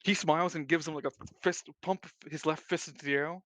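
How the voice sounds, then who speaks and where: A man's voice: a little high, fairly even intonation, brisk, fairly bright tone, dry recording. A man playing a tabletop role-playing game, speaking earnestly in character and sighing often. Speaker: player.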